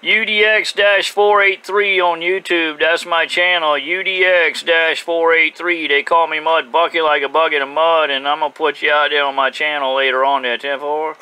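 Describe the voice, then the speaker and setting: Bright, clear-voiced man on CB radio. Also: on the high side, level tone, normal speed, few pauses, poor audio. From South Carolina. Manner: friendly, formal radio procedure. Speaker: CB radio operator and channel host. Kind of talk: CB radio call. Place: outdoors. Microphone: phone.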